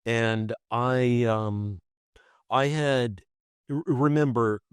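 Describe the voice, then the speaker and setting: A man, a podcast guest, telling a personal story in conversation, halting and repeating himself as he restarts phrases, and acting out the voices he quotes. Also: medium pitch, clean tone, dry recording, studio quality. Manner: animated, acts out quoted voices.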